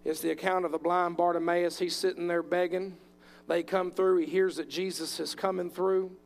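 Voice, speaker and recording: A man's voice: sits high, level tone, normal speed, vocal fry, soft background music. A man preaching a sermon with passion, acting out voices from scripture as he tells the stories. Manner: impassioned, acts out bible voices.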